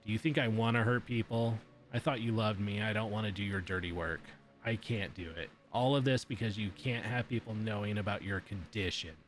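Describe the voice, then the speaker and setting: A man voicing a distraught young female student in a visual novel, pleading and yelling in turns. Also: fairly low pitch, brisk, soft background music, close to an everyday voice. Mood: desperate.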